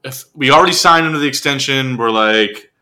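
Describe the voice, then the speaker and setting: A man's voice: medium pitch, a little fast, bright, forceful tone, slight background noise. A man co-hosting a casual fan podcast, laid-back and rambling, laughing as he talks. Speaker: podcast co-host.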